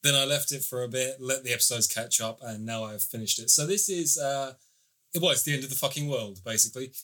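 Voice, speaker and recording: A man co-hosts a podcast in a mid-range, sharp-toned voice, speaking a little fast. Chatty and casually profane, he summarizes and reviews a TV series at length with long plot recaps.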